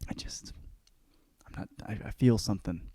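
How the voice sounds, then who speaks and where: A young adult man hosting a podcast, delivering an ironic comedic rant full of swearing, jumping between shouting and muttering. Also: lowish voice, moderate pace, in a whisper. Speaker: podcast host.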